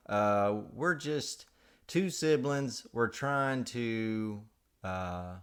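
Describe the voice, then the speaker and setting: A man from Alabama, co-hosting a casual podcast chat in a joking, self-deprecating way with many fillers. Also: fairly low pitch. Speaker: podcast co-host.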